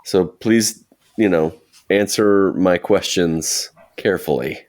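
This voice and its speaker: Man playing a cautious adventurer, tabletop game, deep voice, slow, deliberate. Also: a little mellow. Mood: firm. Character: calm, cautious adventurer questioning a captive.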